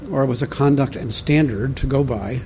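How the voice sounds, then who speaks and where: Male pastor, mid-pitched and warm, easygoing conversational sermon delivery. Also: brisk, slight background noise. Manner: conversational, teaching from an outline, talks directly to the congregation.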